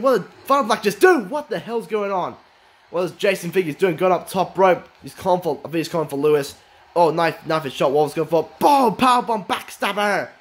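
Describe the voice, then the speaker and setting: A man with a high-pitched voice calls a wrestling game match move by move. He is excitable and swears freely, with his voice rising into shouts whenever a big move lands. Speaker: commentator.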